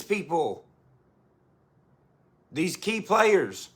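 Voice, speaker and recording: A podcast host with a notably high voice for a man, talking casual and blunt. He swears freely, sounds incredulous, and keeps building his point with repeated phrases. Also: animated, slow pace, pauses often, fairly bright tone, breathy edge.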